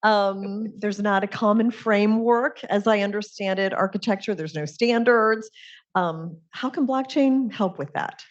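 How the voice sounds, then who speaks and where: A woman moderating a conference panel, putting brisk questions to the speakers in a mid-pitched voice. The event audio is dull and lo-fi.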